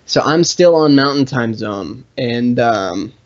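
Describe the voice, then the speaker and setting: A man's voice: medium pitch, animated, takes it slowly, lo-fi sound. A man casually hosting a live stream, reading viewer comments aloud and joking around. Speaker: live stream host answering chat.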